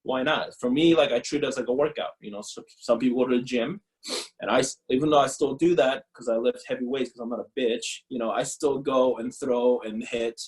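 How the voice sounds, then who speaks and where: A man in his thirties, a former pro pitcher, talking bluntly and profanely in a casual interview, often laughing. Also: fairly even intonation, brisk, poor audio.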